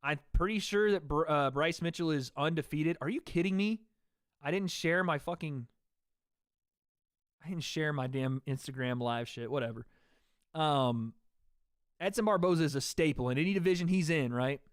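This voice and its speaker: A man's voice: a little high, moderate pace, smooth, no echo, clean studio sound. A man hosting a fight watch-party livestream, giving play-by-play commentary. He is chatty, swears freely and talks to his chat between calls. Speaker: livestream host.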